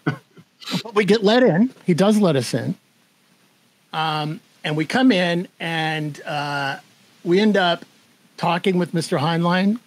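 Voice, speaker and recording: Older man, interview guest, animated storytelling, acts out the voices, slightly high voice. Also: low-quality recording. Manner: animated, acts out quoted voices, laughs while telling. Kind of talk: storytelling in conversation.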